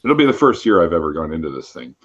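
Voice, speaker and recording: A man's voice: a bass voice, big pitch swings, fast, husky, dull audio. A man hosting a casual group livestream chat. He talks loosely, swears freely and laughs often. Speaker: livestream host.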